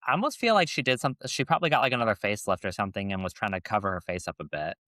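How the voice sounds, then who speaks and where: A man's voice: lowish voice, animated, racing, pushed and bright, no echo, studio quality. A young man co-hosting a podcast in a casual, playful way, laughing often and restarting his sentences. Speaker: podcast co-host. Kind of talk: casual chat.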